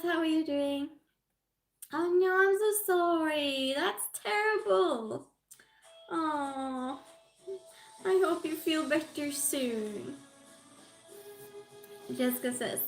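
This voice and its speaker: Chatty high-voiced Norwegian-accented woman streamer. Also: a bit bright. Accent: Norwegian-tinged British English. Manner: chatty, greets viewers by name, reads comments aloud. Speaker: livestream host. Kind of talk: casual live-stream chat with viewers. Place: home room. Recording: echoey room, faint music.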